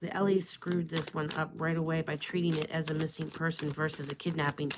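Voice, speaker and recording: A woman's voice: low-pitched, flat delivery, brisk, noisy background. A woman giving a live-stream tarot reading, musing aloud and trailing off as she asks the cards questions. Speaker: tarot and astrology reader.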